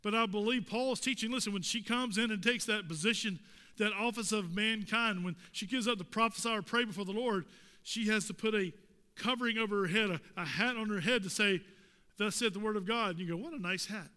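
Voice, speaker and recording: Preaching a sermon in a church sanctuary, a pastor speaks fairly quickly in a high, bright, forceful voice, repeatedly putting rhetorical questions to the congregation. His tone is clean, but the room adds a long, ringing reverb.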